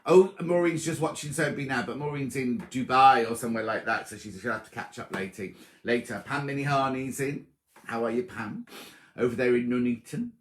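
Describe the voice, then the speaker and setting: Chatty man hosting a live sewing stream, mid-pitched, teasing, roomy echo. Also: a little fast. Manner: chatty, teasing, greets viewers by name. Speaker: sewing show host. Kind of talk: casual livestream chat.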